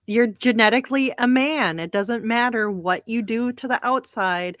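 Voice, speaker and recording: A woman with a slightly higher voice chats casually as a podcast guest, filling her sentences with "like". The recording is dry and close. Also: normal speed, no room sound. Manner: chatty, many fillers of "like". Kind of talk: casual chat.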